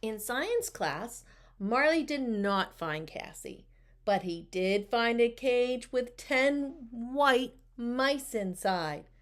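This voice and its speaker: A woman reads a children's picture book aloud, expressive and stopping to ask her listeners questions. Her voice sits a bit high and swings widely, and she takes the story at a slow, careful pace. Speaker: storybook reader.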